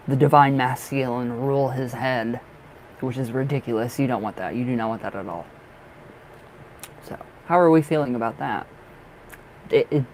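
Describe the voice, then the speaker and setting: A man's voice: mid-range voice, a little mellow, a little hiss or hum, low-quality recording. A man hosting a casual live-stream tarot reading, chatty and affectionate, laughing often.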